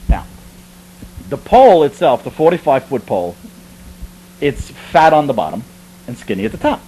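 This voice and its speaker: A man's voice: medium pitch, normal speed, long pauses, slightly rough, low-quality recording. A man from the Bronx, telling a comic story about his army training in a chatty way, full of asides and restarts. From the Bronx, New York. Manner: animated, conversational, with frequent asides and restarts.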